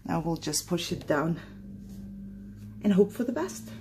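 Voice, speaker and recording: A woman's voice: on the low side, lively intonation, a little slow, dark tone, a little hiss or hum. A woman hosting a casual craft tutorial, chatty and thinking aloud, laughing at her own mistakes as she works.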